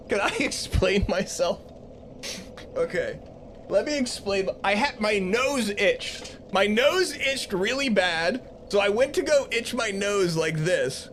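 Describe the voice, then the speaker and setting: A man's voice: high-pitched, expressive, slow, fairly bright tone, slight background noise. A man live-streaming a game who shrieks and laughs at his own blunders, swears freely and mocks himself while explaining what went wrong, into a streaming mic. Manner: self-mocking, explains himself at length. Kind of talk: live gaming stream commentary. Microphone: streaming mic with compressor.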